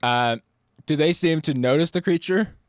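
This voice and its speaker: A man playing a tabletop game, speaking hesitantly and haltingly as he works out his moves. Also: fairly high pitch, clean tone, no echo, studio quality. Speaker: player.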